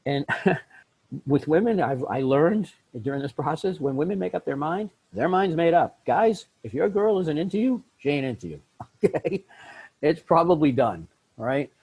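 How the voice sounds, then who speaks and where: Gravelly husky middle-aged guy on a podcast, blunt, lively, keeps laughing and doing little voices. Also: a little high, normal speed, rough recording. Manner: animated, blunt, laughs often, acts out voices in his stories. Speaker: podcast guest. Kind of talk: candid conversational self-help talk.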